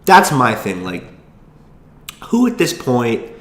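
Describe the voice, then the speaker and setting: A man's voice: medium pitch, huge pitch swings, echoey room. A young man telling a rambling story in casual chat, swearing freely and restarting his sentences. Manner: rambling, profane, quick asides and restarts. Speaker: vlogger.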